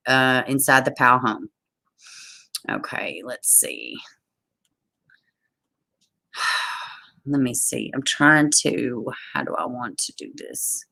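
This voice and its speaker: A woman's voice: rumbling low, pushed and bright. A tired woman with a Southern US accent hosting a true crime livestream, reading a case aloud and breaking off to greet viewers.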